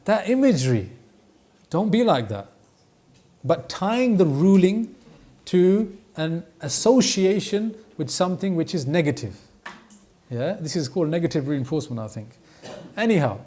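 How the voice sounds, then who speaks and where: A man teaching a lesson on Quranic advice, animated, acting out voices and reciting Arabic verses. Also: a little high.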